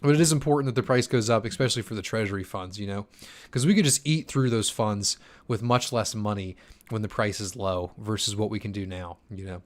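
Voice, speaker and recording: A man's voice: lowish voice, brisk. Young guy running a livestream q&a, kinda tired, rambly, lots of ums and restarts. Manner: loose and chatty, many fillers and restarts. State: tired from poor sleep. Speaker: crypto channel host answering chat. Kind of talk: casual live-stream Q&A.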